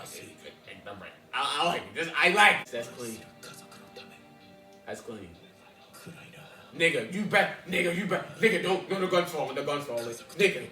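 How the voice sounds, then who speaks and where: Sex: man. Style: loud live reaction commentary, roomy and distant. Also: on the high side. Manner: loud excited outbursts, heavy profane slang. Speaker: reaction video host. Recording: roomy, distant mic, show audio behind. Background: episode audio and music playing.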